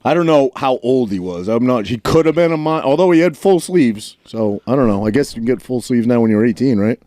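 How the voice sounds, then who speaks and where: A man's voice: mid-range voice, lively intonation, fairly quick, dark tone, dry recording. A man, telling a story in a casual podcast chat and acting out the lines he quotes. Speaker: podcast co-host.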